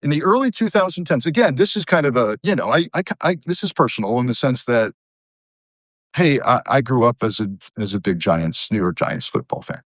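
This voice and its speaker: A man's voice: medium pitch, lively intonation, fairly quick, dry recording. A middle-aged man from Southern Connecticut hosting a live stream, reading news items aloud and breaking off for sarcastic asides.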